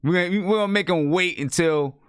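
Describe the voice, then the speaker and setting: A man hosting a sports talk show, telling a coaching story in a casual, animated way and acting out quoted lines. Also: high voice, fairly quick, clear, resonant tone, dry recording, clean studio sound. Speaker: show host and girls' basketball coach. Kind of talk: casual chat.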